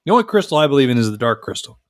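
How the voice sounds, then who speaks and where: A man co-hosting a casual podcast, telling stories with plenty of swearing, and his pitch leaps up and down as he acts out what others said. The sound is dry and close, with no room behind it. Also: racing, dry recording. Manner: profane, animated, acts out others' lines. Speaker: podcast co-host. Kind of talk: casual banter, storytelling.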